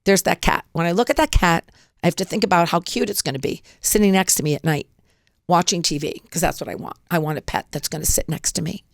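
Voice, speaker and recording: A woman's voice: on the low side, fast talker, no room sound, clean studio sound. A woman podcast host giving an upbeat, motivational how-to talk, acting out examples as she explains. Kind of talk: casual instructional talk.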